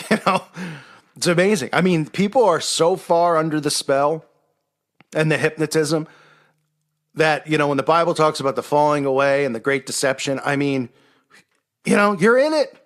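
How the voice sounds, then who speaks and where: A man's voice: fairly high pitch, moderate pace, pauses often. A man hosting a casual monologue show, talking in a sarcastic, mocking way. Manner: sarcastic, mocking impressions of others. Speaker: host.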